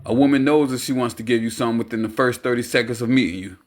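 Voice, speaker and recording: A man voicing a cocky, teasing, smooth-talking womanizer in an audiobook. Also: medium pitch, racing, close to an everyday voice. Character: smooth-talking womanizing male friend, adult, brash.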